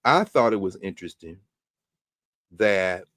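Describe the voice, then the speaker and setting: A man's voice: low-pitched, a little slow, dry recording, clean studio sound. A man hosting a lecture podcast, reading passages aloud and breaking off into emphatic commentary. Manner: animated, emphatic asides between quoted passages.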